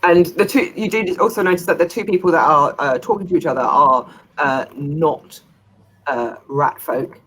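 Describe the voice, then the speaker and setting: A woman's voice: sits low, normal speed, a bit bright, breathy edge, rough recording. Chatty woman game master. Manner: chatty, giggly, filler-heavy narration. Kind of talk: narrating a tabletop game.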